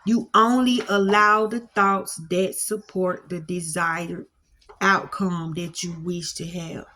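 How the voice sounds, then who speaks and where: A woman's voice: lowish voice, steady tone, slow pace, pushed and bright. A woman who gives a casual spiritual talk at home, in a folksy preacher cadence with lots of repetition. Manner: folksy preacher cadence, repeats phrases, Southern vernacular. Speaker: spiritual teacher. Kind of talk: casual monologue to camera. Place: home with dogs at her feet.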